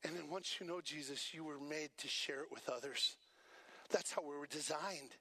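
A man preaching a sermon as pastor, animated and asking the congregation to repeat lines after him. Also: a little high, normal speed, no room sound.

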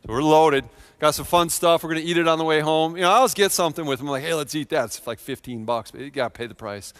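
A man in his thirties preaching a sermon in a church, telling a personal story with earnest feeling and swings from quiet to loud. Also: fairly high pitch, fast, smooth, in a large hall. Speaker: pastor.

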